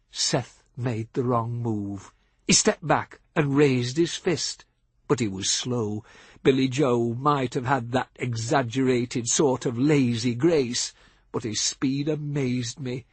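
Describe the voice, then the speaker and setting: A man reading a novel aloud as audiobook narrator, measured and expressive, on a close studio mic. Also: medium pitch, husky, dry recording.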